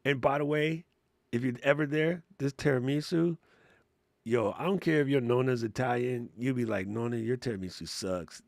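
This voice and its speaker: A man hosting a casual live Q&A, talking in a slangy, excitable way and laughing often. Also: medium pitch, moderate pace, vocal fry, dry recording. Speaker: livestream host.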